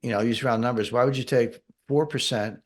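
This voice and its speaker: A man's voice: mid-range voice, fairly even intonation, fairly quick. A man explaining economics in an interview, patient and methodical, with dry sarcastic asides. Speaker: guest economic commentator. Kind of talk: interview answers.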